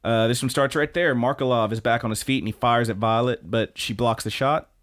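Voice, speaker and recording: A man's voice: mid-range voice, steady tone, a little fast. A man co-hosting a podcast, casually retelling an anime episode with fillers and quoted lines. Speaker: podcast co-host. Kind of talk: casual chat recapping an anime.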